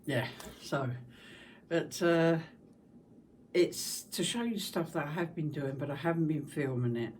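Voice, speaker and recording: Husky London-area woman chatting about quilting. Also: sits low, a little slow, long pauses, darkish tone. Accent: London-area English with a slight Scottish tinge. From southeast England. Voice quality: husky, smoker's voice. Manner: chatty, rambling, homely. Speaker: quilting channel host. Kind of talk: casual chat. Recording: distant mic with faint background hiss.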